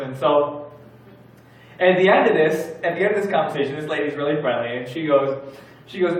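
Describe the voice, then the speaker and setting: A man's voice: fairly high pitch, a little fast. Male preacher, chatty storytelling sermon, distant mic in a very reverberant church. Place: church sanctuary. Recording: very echoey church hall from far off.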